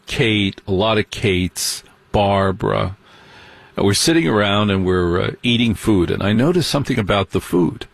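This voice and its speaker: A man telling a long comic story in stand-up style, sardonic and animated, with mocking asides. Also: lowish voice, creaky, no echo. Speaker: comedian.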